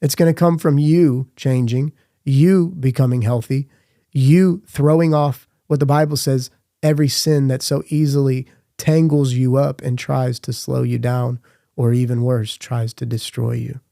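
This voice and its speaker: A man's voice: medium pitch, steady tone, a little slow, vocal fry, warm tone, no echo, clean studio sound. A man hosting a Christian podcast, giving an earnest devotional talk with repeated questions. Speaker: podcast host and Christian speaker.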